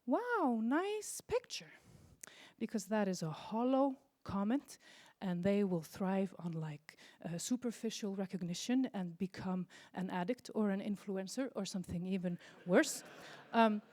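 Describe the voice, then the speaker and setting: A woman in her forties with an Icelandic accent, performing a stand-up routine on a convention stage with deadpan storytelling. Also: mid-range voice, moderate pace, few pauses. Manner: deadpan storytelling with exaggerated quoted voices. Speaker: stand-up comedian. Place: convention stage before an audience.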